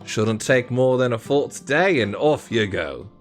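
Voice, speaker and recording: A man's voice: medium pitch, expressive, measured pace, soft background music, close to an everyday voice. A man voicing a formal portly sea councillor. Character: portly male Triton councillor, formal and cautious.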